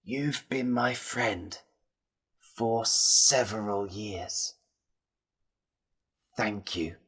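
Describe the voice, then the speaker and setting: A man's voice: fairly low pitch, breathy edge, full character voice. Man doing a faint, dying railwayman. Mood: faint farewell. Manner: slow, faint, quiet. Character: dying man speaking his last, faint words.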